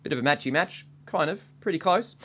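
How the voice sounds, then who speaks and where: A man's voice: a little high, animated, fairly quick, pushed and bright, husky. A man with an Australian accent hosting a casual review vlog, swearing constantly in a blokey, joking way. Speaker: vape reviewer and channel host.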